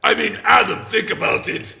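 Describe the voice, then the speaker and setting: A man voicing a crude masked ghoul metal singer who hosts a call-in segment, shouting profanity in a mock-menacing way. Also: normal speed, echoey room, full character voice. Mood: ranting. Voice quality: gravelly, shrill. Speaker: host of a call-in question segment.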